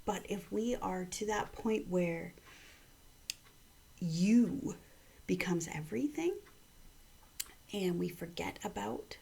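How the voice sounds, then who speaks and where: Softly whispering mother, low gravelly voice. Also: slow pace, pauses often. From Canada. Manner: speaks quietly, often in a half-whisper. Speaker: mother giving a morning devotional. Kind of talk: hushed personal vlog devotional.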